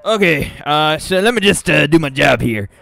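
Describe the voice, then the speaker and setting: Excitable, cursing male game streamer. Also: a little high, normal speed, vocal fry. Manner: excitable, swearing, easily flustered. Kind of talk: live-stream gaming commentary. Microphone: desk mic.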